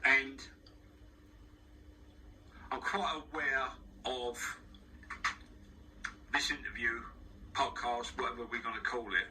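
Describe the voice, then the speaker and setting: A man with a London accent speaks as an interview guest, rambling and frank, with frequent restarts. His voice is very bright and sharp. He sits a little back from the mic, with faint noise behind him. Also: mid-range voice, steady tone, slow, long pauses, recorded from a distance, rough recording. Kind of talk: casual spoken monologue. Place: studio. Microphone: wearing headphones.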